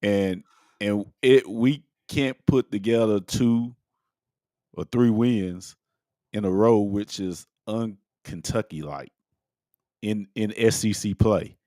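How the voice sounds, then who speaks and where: A lower-voiced man co-hosts a fan show. He talks over sports in a halting, questioning way. His voice is recorded close and dry. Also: warm tone, dry recording. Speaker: co-host. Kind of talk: casual sports reaction chat.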